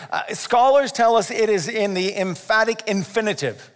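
A high-voiced man preaches with animated energy, acting out voices and tossing questions to the congregation. His words carry a long reverb from a church sanctuary. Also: normal speed, clear, resonant tone. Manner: animated, acts out voices, asks the audience questions. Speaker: pastor. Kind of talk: sermon.

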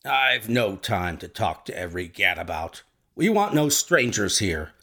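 A fierce old horse trainer from a storybook mystery, barking at strangers in a loud, gravelly voice, as a male reader puts him on. His speech lifts and drops hard, curt and dismissive. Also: on the low side, big pitch swings, measured pace, full character voice. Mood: angry. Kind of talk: storybook reading.

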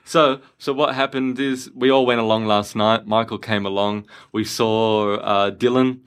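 A man's voice: lowish voice, steady tone, measured pace, fairly bright tone, clean tone. An Australian man co-hosting a podcast, chatting casually and rambling with lots of restarts. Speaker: podcast co-host. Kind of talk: casual chat.

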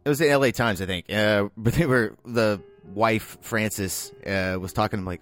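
A man's voice: fairly low pitch, moderate pace, few pauses, soft background music. A man co-hosting a casual movie-review podcast, rambling and restarting, with casual swearing. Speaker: podcast co-host.

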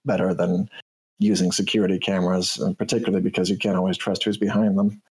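A man's voice: sits low, little pitch movement, fast talker, darkish tone, slightly rough. A man voicing a guarded female ship captain who speaks in a clipped, dry way. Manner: clipped, dry, matter-of-fact.

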